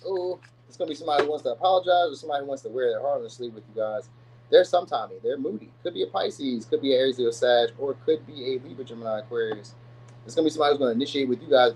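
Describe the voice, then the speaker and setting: A man reads tarot cards for his viewers in a loose, slangy ramble. He talks quickly, restarts his sentences and fills the gaps with fillers. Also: medium pitch, darkish tone, a little hiss or hum, poor audio. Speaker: tarot reader. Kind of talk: casual tarot reading to viewers.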